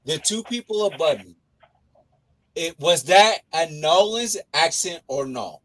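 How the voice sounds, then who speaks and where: A man's voice: a little high, animated, a little slow, fairly bright tone, dry recording. A man from New Orleans with a New Orleans accent, co-hosting a podcast and pressing the others with the same question in heated casual chat. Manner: insistent, repeats questions, swears. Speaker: podcast co-host.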